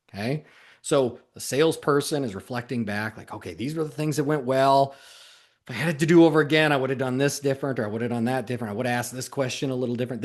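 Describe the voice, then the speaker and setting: A man giving a direct, emphatic coaching talk as a sales coach, speaking straight to his listeners. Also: on the high side. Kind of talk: motivational talk to camera.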